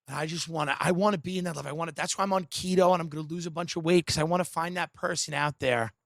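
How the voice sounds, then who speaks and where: A man with a gravelly, raspy edge and a bright, forceful tone, sitting slightly high for his sex. He riffs in a sarcastic, deadpan comedic monologue, full of dark satire and sudden mimicry. The sound is close and dry. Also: fast talker, no room sound. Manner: animated, mimicking voices. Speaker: podcast host.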